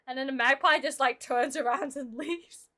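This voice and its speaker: A woman's voice: high-pitched, steady tone, normal speed, sharp tone. A young woman streamer chatting casually with her viewers while she draws, playful and talkative. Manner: chatty and playful, talking to chat. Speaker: streamer and illustrator. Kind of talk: casual livestream chat while drawing.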